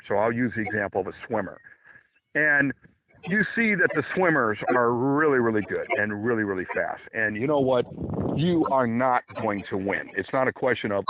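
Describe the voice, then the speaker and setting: A middle-aged man from the USA holds forth in a loose, boastful monologue, lecturing his listeners and wandering from point to point. His pitch leaps up and down as he talks. The sound is thin and phone-like, with faint hiss underneath. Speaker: podcast host. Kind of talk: casual monologue. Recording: tinny phone-line sound with faint noise.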